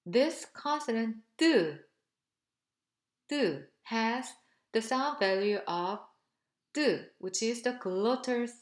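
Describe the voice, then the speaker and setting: Slow, deliberate woman teaching pronunciation. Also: fairly high pitch, expressive, echoey room. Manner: slow, deliberate, repeating syllables for learners. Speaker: language teacher. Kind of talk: pronunciation drill lesson.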